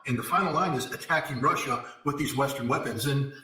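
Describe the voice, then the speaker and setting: A male interview guest giving forceful political commentary, hammering points with repetition and sarcastic asides. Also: medium pitch, fairly quick. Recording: echoey room.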